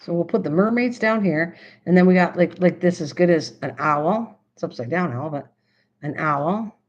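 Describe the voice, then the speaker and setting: A woman hosting a casual craft livestream, chatting excitedly and answering her chat as she goes. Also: lowish voice, moderate pace. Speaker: livestream host. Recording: slightly dull lo-fi stream audio.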